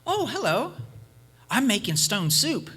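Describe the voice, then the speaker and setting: A man's voice: very high voice, huge pitch swings, unhurried, sharp tone, breathy edge, voice pushed up, full character voice. A man voicing a cheerful male traveler who coaxes villagers into his stone soup with eager salesman patter.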